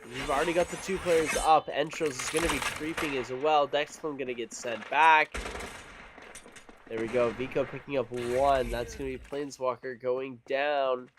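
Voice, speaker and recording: A man casting an esports match with energetic, joking play-by-play commentary. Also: medium pitch, moderate pace, background noise. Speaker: esports caster.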